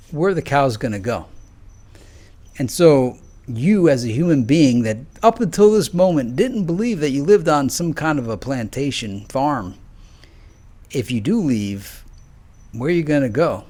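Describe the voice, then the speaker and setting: A man giving a solo political commentary monologue, rambling and restarting sentences, full of rhetorical questions and drawn-out pauses. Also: mid-range voice, a little mellow. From United States. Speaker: video commentator.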